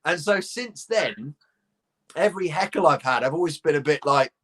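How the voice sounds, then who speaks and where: A middle-aged man from London with a posh southern English accent, a guest comedian telling lively stories in a casual chat, swearing freely and laughing as he goes. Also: on the high side, moderate pace.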